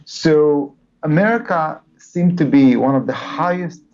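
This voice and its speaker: A man, a guest author, answering interview questions with animated storytelling, often repeating words as he builds a point. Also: fairly high pitch, measured pace. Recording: dull lo-fi audio.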